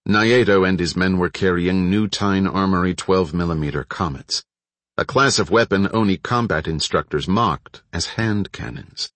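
A man narrating an audiobook in a steady, even storytelling manner. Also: deep voice, normal speed, no echo. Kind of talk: scripted narration.

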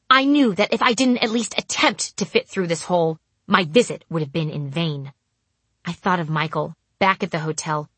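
A woman narrating a comic first-person travel story with a deadpan, dry delivery. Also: on the low side, no room sound.

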